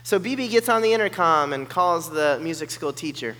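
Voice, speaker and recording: A man telling a personal story in an animated way, acting out the voices of the people in it. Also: fairly high pitch, brisk. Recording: long hall reverb.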